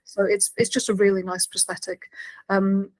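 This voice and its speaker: A woman co-hosting a podcast, retelling scenes in a casual, animated way and quoting lines. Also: medium pitch, moderate pace, no room sound, rough recording. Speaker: podcast co-host. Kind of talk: casual chat recapping an episode.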